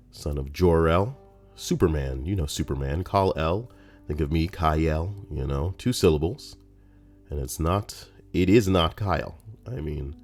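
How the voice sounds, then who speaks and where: A man reading out Reddit posts on a livestream, rambling and profane in a casual, animated way. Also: very deep voice.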